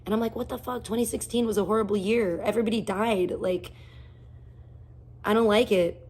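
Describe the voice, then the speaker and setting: A woman's voice: medium pitch, steady tone, normal speed, darkish tone. A woman live streaming, ranting bluntly and swearing heavily, jumping between topics and greeting viewers in chat. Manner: blunt, heavily profane, rambling rants; greets chat viewers by name mid-rant. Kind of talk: casual ranting livestream chat.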